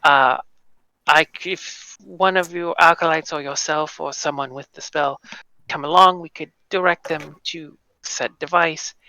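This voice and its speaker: Bright, crisp polite male player. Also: a little high, steady tone, measured pace, dry recording, low-quality recording. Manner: polite, formal in character. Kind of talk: tabletop role-play.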